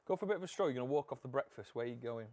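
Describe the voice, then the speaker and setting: A man's voice: mid-range voice, animated, racing, a little mellow, dry recording. A man co-hosting a podcast, leading the chat with playful questions. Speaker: podcast co-host leading the segment. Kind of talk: casual chat.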